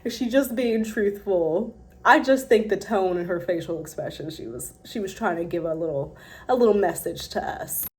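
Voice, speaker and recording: A woman giving casual, blunt celebrity gossip commentary, animated and full of profanity. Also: medium pitch, moderate pace. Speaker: commentary vlogger.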